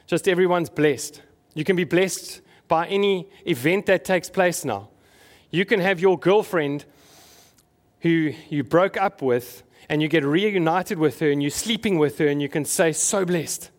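A man preaching a conversational sermon to his congregation, asking them questions as he goes. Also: fairly high pitch. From South Africa. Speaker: pastor.

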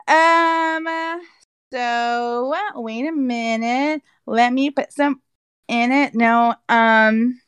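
A woman guest on a casual podcast, excitable and scattered, giggling between questions. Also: fairly high pitch, very slow, clean tone, no echo, low-quality recording.

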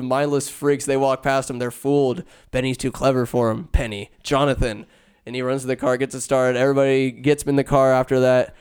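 A man casually retelling a movie plot with sarcastic, jokey asides, jumping between loud bursts and muttered remarks. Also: mid-range voice, smooth. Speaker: movie recapper. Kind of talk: casual comedic movie recap.

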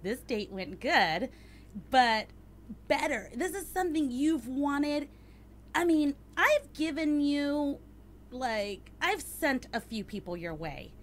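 A woman's voice: high-pitched, animated, slow pace. A woman hosting a casual chat, reading a date review aloud and teasing her cohost with crude jokes. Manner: teasing, profane, joking. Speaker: podcast host.

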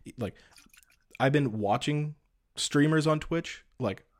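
A man's voice: on the high side, takes it slowly. A man hosting a casual podcast chat, rambling with lots of filler words and restarts. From Canada. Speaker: podcast host.

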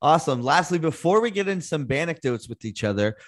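A man's voice: a little high, very animated, quick pace, no echo. A man hosting an interview who laughs often and gives short, upbeat replies. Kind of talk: casual interview.

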